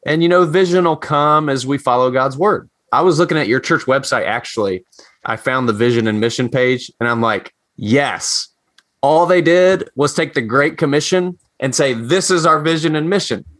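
A man's voice: fairly high pitch, moderate pace, fairly bright tone, no room sound. A man, a pastor co-hosting, speaking in an affirming, conversational way. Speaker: pastor and co-host. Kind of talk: casual conversation.

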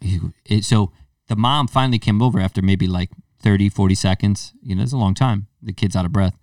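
A man's voice: lowish voice, fairly quick, dry recording, clean studio sound, recorded from a distance. A man hosting a podcast, chatting casually and acting out voices as he tells stories. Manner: animated storyteller, acts out quoted voices. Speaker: podcast host. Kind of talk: casual chat.

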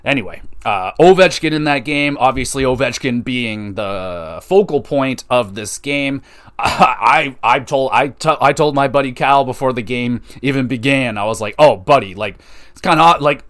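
Young male podcast host, rambling sports fan, swears freely, excitable, medium pitch. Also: normal speed, smooth. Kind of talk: casual solo podcast talk.

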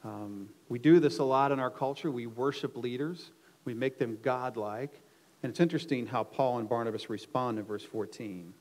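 A male pastor with a medium-pitched voice preaches a sermon at a normal speed. He swings between quiet asides and loud, emphatic outbursts, often repeating words as he restarts.

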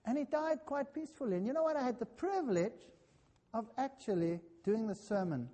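A man preaching a sermon, telling a personal story in an earnest, dramatic way that swings between loud and hushed. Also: very high voice, animated, fairly quick, in a large hall.

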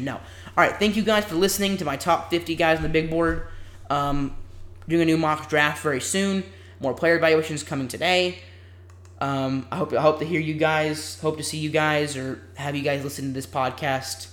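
A man's voice: fairly high pitch, fairly bright tone, roomy sound. A man hosting a solo sports podcast, reading down a ranked list of players in a casual, rambling way with offhand asides. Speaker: podcast host.

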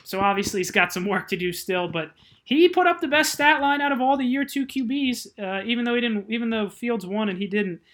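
A man co-hosting a casual sports chat, measured and quick to laugh. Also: very high voice, lively intonation, fairly bright tone. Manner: measured, chatty, laughs easily. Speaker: podcast co-host.

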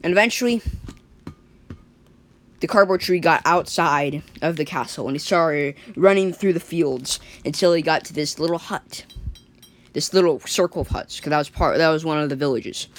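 A woman's voice: sits low, normal speed. A woman telling an improvised story in a rambling way, full of likes and restarts. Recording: faint background noise.

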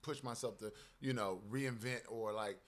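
Bright, animated man telling stories. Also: lowish voice, moderate pace. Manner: animated storyteller, acts out quotes, laughs often. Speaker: actor guest. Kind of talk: casual podcast chat.

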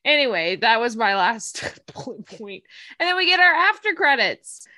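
A chatty young woman with a slightly high voice talks through an episode recap. She laughs easily and reads from her notes. The sound is close and dry, with no room around it. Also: sing-song, normal speed, bright, forceful tone, no room sound. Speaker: podcast co-host recapping an anime episode. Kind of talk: casual chat.

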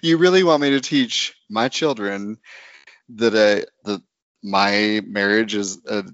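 A man's voice: lowish voice, slow, a bit bright, no echo. A man hosting a casual podcast chat, rambling through tangents and laughing often. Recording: dry, muffled lo-fi sound.

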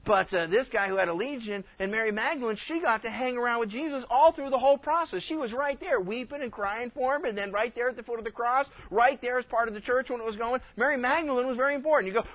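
Man, pastor, sermon, high voice, very expressive, muffled recording. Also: fast talker, few pauses. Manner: animated, acts out quoted voices. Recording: dull lo-fi recording.

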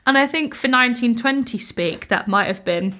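Woman, podcast co-host, crude jokes, bright, higher voice. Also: animated, moderate pace. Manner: crude, blunt jokes, acts out scenes. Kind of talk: casual chat.

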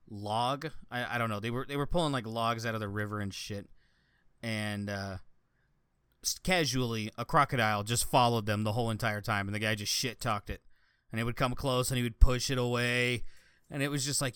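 Podcast guy, bright smooth voice, dry close sound, tells stories animated and swears a lot. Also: medium pitch, dry recording. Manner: animated storyteller, swears freely. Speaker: podcast co-host. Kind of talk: casual chat.

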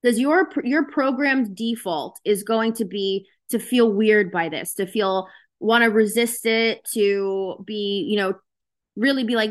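A woman's voice: mid-range voice, normal speed. A woman giving a casual motivational talk to her group over a video call, speaking frankly and chattily with lots of fillers. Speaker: host of a self-help session.

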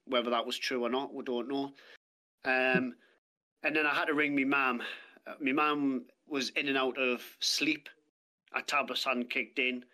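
A man's voice: medium pitch, steady tone, unhurried, bright, forceful tone. A British man telling his story as a podcast guest, plain-spoken and blunt, with heavy swearing. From Britain. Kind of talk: casual storytelling chat. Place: podcast studio.

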